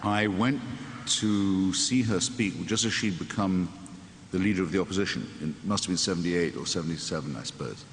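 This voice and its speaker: A man's voice: sits low, moderate pace. A man, a sardonic guest talking on stage in a wry, digressive way. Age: 60s. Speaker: interview guest. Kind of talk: onstage conversation before an audience. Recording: echoey hall, faint room noise.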